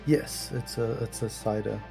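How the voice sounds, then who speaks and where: A man's voice: lowish voice, steady tone, normal speed, vocal fry, mellow, faint music behind, poor audio. A man with a South African accent, a guest on a video call, talking shyly and sounding nervous. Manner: shy and bashful. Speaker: guest streamer on a date. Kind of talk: casual video-call chat. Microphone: video call microphone.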